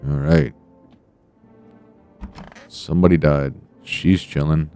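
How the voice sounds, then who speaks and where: Laid-back deep-voiced male streamer. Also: moderate pace, creaky, mellow, smooth, faint music behind. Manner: laid-back, wry, swears casually. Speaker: streamer playing a game. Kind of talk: casual live-stream commentary.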